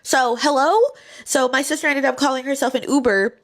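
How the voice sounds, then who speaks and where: Young woman doing a storytime, kinda high voice, jumps into voices for the people in it. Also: a little fast. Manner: animated, acts out voices in quotes. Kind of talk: casual storytime.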